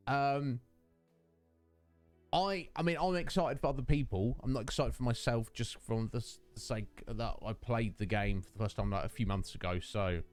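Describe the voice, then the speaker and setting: Lively, affectionate male game streamer. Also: mid-range voice. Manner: affectionate, rambling, chatting with viewers. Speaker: Twitch streamer. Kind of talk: casual live-stream chat with viewers.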